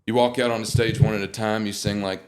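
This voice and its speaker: A young man, a guest singer, telling animated, joking stories in a casual interview. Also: fairly low pitch, fast.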